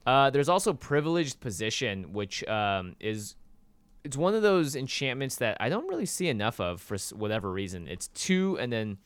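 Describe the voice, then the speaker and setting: A man's voice: mid-range voice, big pitch swings, moderate pace, smooth, no room sound. A man co-hosting a casual card-game podcast, chatty and loose, with lots of fillers. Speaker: co-host.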